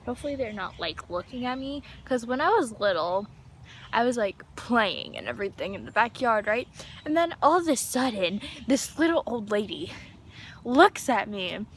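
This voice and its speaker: A young woman vlogging on her phone in a backyard, excitable and giggly, gasping and sometimes dropping to a whisper. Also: on the high side, normal speed. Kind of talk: casual vlog chatter. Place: backyard outdoors. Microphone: handheld phone. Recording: noisy outdoor phone recording. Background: outdoor ambience with animals.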